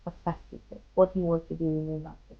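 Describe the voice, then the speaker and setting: Woman host, fairly low voice. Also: little pitch movement, rapid-fire, narrow, tinny audio. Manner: direct, repeats her questions. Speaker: podcast host. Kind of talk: interview host.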